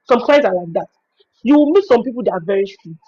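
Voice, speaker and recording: A Nigerian woman hosting a webinar, giving an expressive, storytelling talk on working with clients. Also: fairly high pitch, quick pace, slightly rough, highs cut off. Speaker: virtual assistant trainer hosting a webinar. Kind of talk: informal teaching talk.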